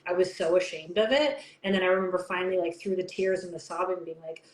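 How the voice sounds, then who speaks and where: Canadian woman hosting a podcast, lowish voice, chatty and open, echoey room. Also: fast. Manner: open, personal storytelling with frequent "like". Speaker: podcast host. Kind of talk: casual conversation. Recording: roomy echo, faint background noise.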